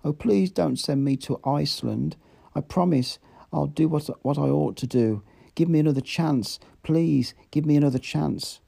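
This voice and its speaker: A frantic young man begs in a raised, tearful voice, as a male reader puts him on. His words come out pleading and high-strung, pitched well above the reader's own low tone. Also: normal speed, creaky, mellow, husky, exaggerated voice. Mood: pleading, sobbing. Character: frantic young man begging not to be exiled.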